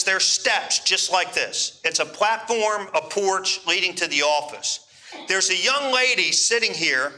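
A pastor telling a travel story in a sermon, animated and checking in with the congregation. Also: male voice, high voice. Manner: animated, asks the crowd for responses. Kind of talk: sermon storytelling to a live audience.

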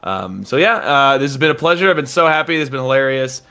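A man's voice: medium pitch, animated, fast, pushed and bright. A man chatting casually as a guest on a stream, laughing often and playful.

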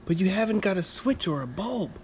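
An imaginative, eager little boy from a bedtime storybook, voiced by a man. His voice is pitched up and excited, and he turns stubborn when he wants to keep what he loves. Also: brisk, slight background noise.

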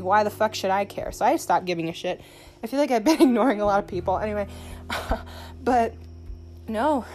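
A young woman hosting a solo podcast into her phone, rambling, profane and sarcastic, with sudden jumps in pitch. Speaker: podcast host.

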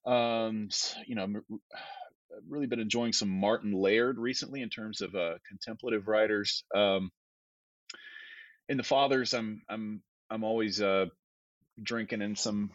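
A low-voiced man talks in a loose, rambling way, full of fillers and restarts, as a guest on a podcast. The audio is dry and a little dull, with the slightly lo-fi sound of a remote call. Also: fairly even intonation, measured pace, no echo. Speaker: guest theologian. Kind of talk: casual podcast conversation.

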